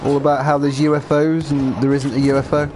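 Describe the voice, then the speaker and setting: A man's voice: mid-range voice, little pitch movement, brisk, background noise. Sweary man streaming a shooter game. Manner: sweary, joking, mutters while playing; talking with a cigar in his mouth. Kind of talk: casual live-stream commentary.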